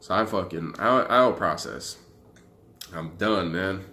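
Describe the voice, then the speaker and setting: A man's voice: deep voice, measured pace. A young man telling his story to camera in a casual, profane, rambling way. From Arizona. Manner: profane, animated, loose and rambling. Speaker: vlogger.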